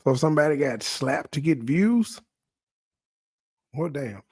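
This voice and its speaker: A man's voice: a little high, lively intonation, unhurried, darkish tone, breathy edge, dry recording, studio quality. A man in an online voice chat, arguing bluntly and sarcastically as he reasons things out. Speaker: chat participant. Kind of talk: casual argumentative chat.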